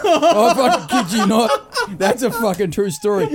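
A man, telling family stories to podcast co-hosts in an animated, swearing, laughing manner. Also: sits high, moderate pace. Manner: animated, profane, laughing storyteller. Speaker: podcast host. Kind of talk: casual storytelling chat.

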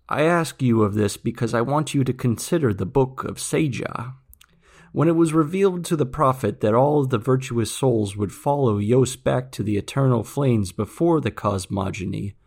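Male reader as a zealous lecturing monk, earnest and gravelly. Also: medium pitch, normal speed. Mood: preaching. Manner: earnest, preachy, rising intensity.

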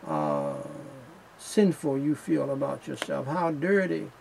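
A man preaching a sermon in a slow, emphatic style, returning again and again to the same refrains. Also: mid-range voice, huge pitch swings, gravelly, a little mellow, slight background noise, rough recording.

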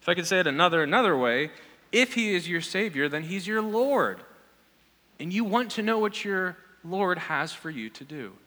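Bright-voiced man preaching in a hall. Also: high voice, animated, normal speed. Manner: earnest, asks the congregation repeated questions. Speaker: pastor. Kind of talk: sermon. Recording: long reverb of a large hall.

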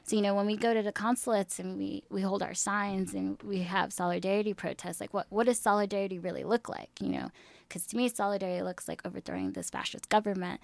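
A woman's voice: mid-range voice, fast talker, gravelly, dry recording. A woman panelist talking casually, heavy on "like" and "you know" fillers.

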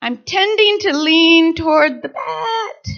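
A woman preaching a sermon to women, lively and playful, acting out little scenes. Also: very high-pitched, slow. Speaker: women's ministry speaker. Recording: dull lo-fi recording.

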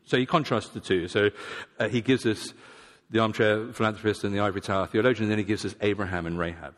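Preacher in a reverberant hall. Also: male voice, on the low side, fairly even intonation, fast, a bit bright. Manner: conversational, self-deprecating, acts out voices of imagined people. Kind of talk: sermon.

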